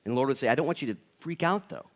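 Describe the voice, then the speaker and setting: A man's voice: mid-range voice, rapid-fire. A man in his thirties preaching a conversational, jokey sermon to his congregation. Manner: animated, acts out voices in quotes. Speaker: pastor.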